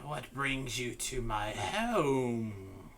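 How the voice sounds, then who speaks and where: A man voicing a creepy old hag woman who eyes her visitors hungrily, in a shrill, theatrical crone voice. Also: very animated, drawn-out words, vocal fry, a bit bright, slight background noise, exaggerated voice. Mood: sly.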